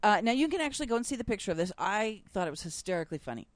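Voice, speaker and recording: A woman tells odd news stories on a casual talk show, chatty and quick to laugh. She stresses her punchlines. The recording is dry and close. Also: medium pitch, big pitch swings, dry recording. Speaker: podcast co-host reading news stories. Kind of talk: casual chat.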